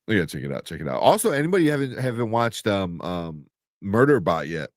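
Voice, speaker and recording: A man's voice: on the low side, sing-song, moderate pace, dry recording, clean studio sound. A man co-hosting a live entertainment news show, chatting casually and laughing as he reads out viewer comments. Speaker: podcast co-host. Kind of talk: casual chat.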